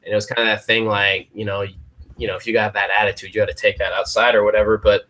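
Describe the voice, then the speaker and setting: A man's voice: fairly low pitch, little pitch movement, fast talker, a bit bright. A young man co-hosting a podcast, telling rambling stories with lots of "like" and "dudes" and frequent restarts. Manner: rambling storyteller, repeats himself, says "like" and "dudes". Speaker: podcast co-host. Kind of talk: casual chat.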